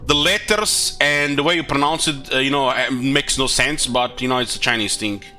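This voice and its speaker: A man's voice: medium pitch, normal speed, sharp tone, faint music behind. A man streaming a video game, chatting casually in a rambling, profane way with lots of fillers. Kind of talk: casual gaming commentary.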